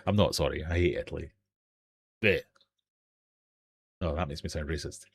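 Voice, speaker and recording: A man's voice: very deep voice, fairly even intonation, rapid-fire, gravelly, a little hiss or hum. A man with a British accent hosting a live-stream quiz from his fish room, reading questions and joking with the chat. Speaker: quiz host.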